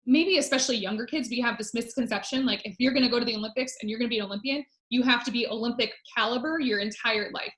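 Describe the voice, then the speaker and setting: On a video call microphone in an echoey room, a woman in her thirties who once swam in the Olympics shares a personal story for a webinar. Her voice is slightly high and a touch bright, and she chats along with plenty of filler words.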